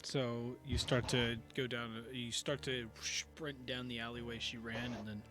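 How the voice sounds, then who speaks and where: A man runs a tabletop game, narrating scenes in a halting way with frequent "uh"s. His voice sits at a middle pitch, with faint music underneath. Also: flat delivery. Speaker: game master.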